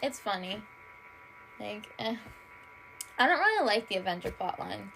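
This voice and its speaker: A woman's voice: medium pitch, very animated, normal speed, vocal fry, a bit bright, slight background noise, low-quality recording. A tired young woman hosting a casual solo podcast, rambling and swearing freely, saying "like" constantly and gushing in a self-admittedly dramatic way. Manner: rambling, fills nearly every phrase with "like", swears freely. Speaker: podcast host.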